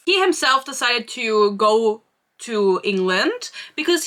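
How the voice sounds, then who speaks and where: A woman from Germany delivers a casual book review in English. Her voice sits a little high and sounds bright and crisp. She keeps it chatty and sarcastic, with playful asides. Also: sing-song, takes it slowly.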